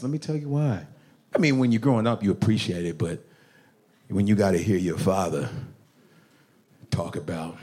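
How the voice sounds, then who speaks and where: A man's voice: fairly low pitch, fairly bright tone. Brash, profane stand-up comic man. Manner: brash, profane, laughing, does voices of parents. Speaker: stand-up comedian. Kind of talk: stand-up comedy with crowd work. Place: comedy club stage with audience.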